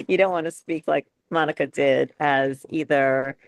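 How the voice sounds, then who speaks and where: A woman's voice: deep voice, unhurried, dry recording. A woman from New York, a speech coach, leading a chatty webinar Q and A with many restarts and laughs.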